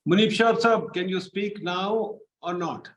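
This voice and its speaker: A man moderating a webinar over a video call, briskly prompting speakers to go ahead. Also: high-pitched.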